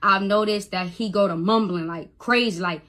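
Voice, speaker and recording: A woman's voice: medium pitch, moderate pace, fairly bright tone. A young woman on a phone livestream, talking emotionally, stammering, repeating herself and swearing. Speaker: social media livestreamer.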